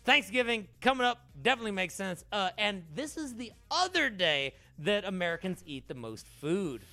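A young man runs a trivia game with playful banter. His voice sits high and bright. His pitch leaps around as he reads the choices and jokes about the answers. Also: sing-song, moderate pace. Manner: playful, reads questions then riffs. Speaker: trivia host.

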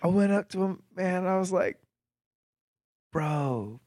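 A man's voice: sits high, monotone, fairly quick, a little mellow, no echo, clean studio sound. A man on a casual podcast, joking crudely and swearing a lot as a quiz contestant.

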